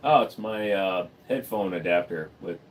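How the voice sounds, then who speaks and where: Blunt, deadpan man answering chat. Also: deep voice, moderate pace. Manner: blunt, deadpan, crude humor. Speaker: livestream host. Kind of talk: casual livestream Q&A, answering chat. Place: room at home full of computer gear.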